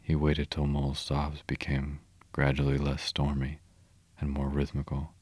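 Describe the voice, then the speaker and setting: A man reading a storybook aloud in a steady, measured way. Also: a bass voice, no room sound. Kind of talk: reading a children's classic aloud.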